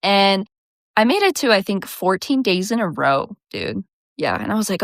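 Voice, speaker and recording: A woman's voice: mid-range voice, very animated, normal speed, dry recording, studio quality. A young woman from New Mexico with a Southwestern accent and a slight country twang, telling a story in a chatty, laid-back way and often tagging on "right?". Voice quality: slightly lazy, drawling speech. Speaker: vlogger. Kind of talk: casual storytelling to camera.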